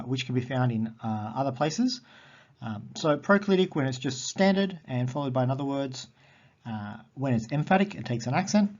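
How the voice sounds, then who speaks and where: A man teaching a recorded lesson on Greek accents, methodical and repeating key terms slowly. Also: mid-range voice, lo-fi sound.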